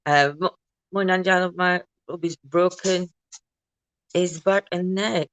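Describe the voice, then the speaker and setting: A woman chats her way through a casual morning livestream at home, greeting viewers one by one. Her laugh is big and loud. The sound is close and dry, with no room echo. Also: fairly low pitch, steady tone, a little slow. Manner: chatty, greets viewers by name, laughs loudly. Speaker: livestream host.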